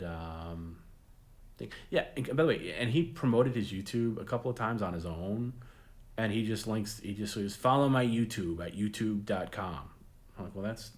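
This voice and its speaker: A man hosting a late-night stream, chatting casually in a rambling way, often repeating his words and laughing at his own jokes. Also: deep voice. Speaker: host.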